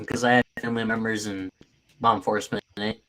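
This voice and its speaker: Male panelist, lowish voice, hesitant rambling chat. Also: fairly even intonation, fairly quick, fairly bright tone, rough recording. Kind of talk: casual chat.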